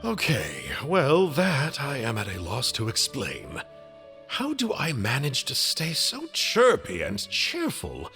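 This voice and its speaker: An actor playing a cheerful, chatty member of a sinister order in a game, playfully polite. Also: male voice, medium pitch, huge pitch swings, takes it slowly, vocal fry, sharp tone, faint music behind, exaggerated voice.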